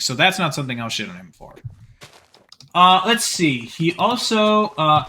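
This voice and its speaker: Man, fairly high voice, bright and sharp, reading aloud on stream, casual asides. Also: sing-song. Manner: quick chatty reading with many fillers and restarts.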